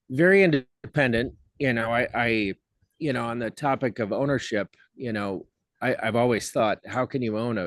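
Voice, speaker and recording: Halting low-voiced man, dry sound. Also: dry recording. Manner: halting, many fillers and restarts. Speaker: guest. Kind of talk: heartfelt casual conversation.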